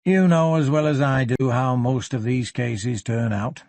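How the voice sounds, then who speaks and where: A man voicing a gruff older police superintendent with a Yorkshire accent, blunt and unhurried, in an audiobook. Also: mid-range voice, steady tone, darkish tone, no room sound, close to an everyday voice. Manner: blunt, unhurried, plain-spoken.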